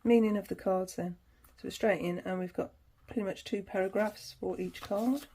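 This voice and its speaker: Mellow, breathy woman unboxing a deck. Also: medium pitch, fairly even intonation, moderate pace. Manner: chatty, laughs easily, reads passages aloud. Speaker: tarot channel host. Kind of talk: casual unboxing chat.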